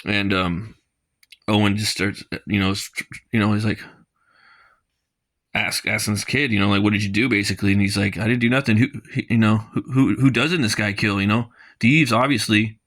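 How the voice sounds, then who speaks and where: Man, casual comic review, rambling with fillers, low-pitched, bright forceful voice. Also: steady tone, normal speed. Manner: rambling, many fillers, reads dialogue aloud and laughs at it.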